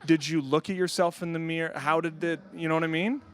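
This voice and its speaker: Man, interviewer, fairly high voice, playful, teasing questions. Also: steady tone, fast, fairly bright tone, clear, resonant tone. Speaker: interviewer host. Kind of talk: casual interview chat.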